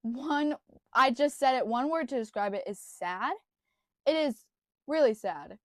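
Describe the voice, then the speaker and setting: A woman's voice: sits high, animated, measured pace, no room sound, studio quality. A young woman giving a casual book review, gushing and earnest, often circling back on her words.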